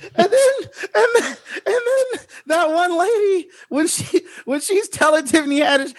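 A man's voice: a little slow, no echo, clean studio sound. A man in casual chat, telling stories with lots of laughter and acting out the people he quotes. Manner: animated, acts out quotes with big pitch swings.

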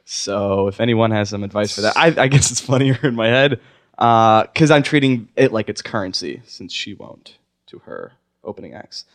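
A man's voice: on the low side, lively intonation, normal speed, slight background noise. A man hosting a comedy podcast, reading out his own jokes and mocking himself in casual chat. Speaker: podcast host.

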